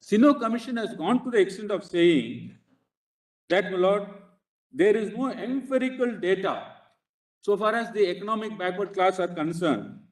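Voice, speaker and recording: A man's voice: sits high, expressive. A man with an Indian English accent arguing a case before a court bench, breaking his phrases with constant, insistent "Lord" addresses. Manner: inserts "Lord" into nearly every phrase, halting and insistent. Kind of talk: courtroom legal argument. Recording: echoey courtroom audio picked up from a distance.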